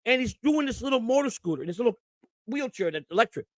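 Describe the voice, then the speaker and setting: A man's voice: extremely high pitch, animated, fast, no echo, studio quality. A middle-aged man hosting a live stream, telling an emotional, rambling personal story and often repeating and restarting his words. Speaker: host.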